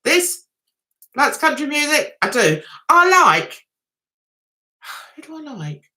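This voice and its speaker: A woman's voice: high-pitched, sing-song, slow, pushed and bright. A woman with a London accent hosting a casual livestream, rambling and chatty with viewers, laughing and singing snatches of songs. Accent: London English. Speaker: livestream host.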